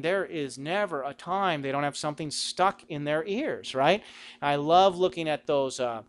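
Speaking on Christian vocation, a middle-aged Catholic man keeps the talk conversational with rhetorical questions, raising his voice to act out quotes. His voice is smooth and fairly high-pitched.

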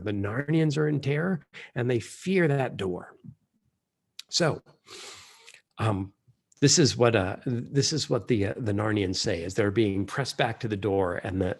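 A man's voice: mid-range voice, creaky, husky. A man reading aloud from a novel and reflecting on it like a preacher, at times dropping to a whisper. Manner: reads quotes aloud, drops to an unvoiced whisper at times.

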